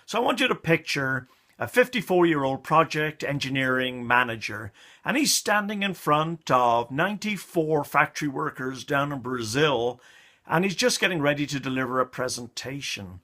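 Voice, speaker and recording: A middle-aged man telling a funny story with a moral in a lively, theatrical way. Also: fairly high pitch, moderate pace. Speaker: storyteller, communication coach. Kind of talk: motivational story monologue.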